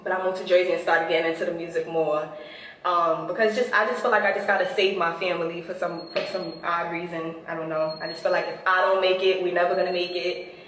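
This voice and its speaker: A fast-talking Bronx woman with a New York accent gives a casual street tour of where she grew up, slipping into easygoing slang as she reminisces. Her voice is fairly low and her delivery flat. The outdoor recording is distant and echoey, drowned in loud street noise.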